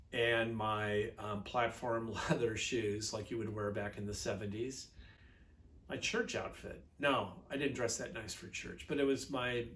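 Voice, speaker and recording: A middle-aged man telling a personal story from his youth in a chatty, rambling way, with fillers and self-corrections. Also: mid-range voice.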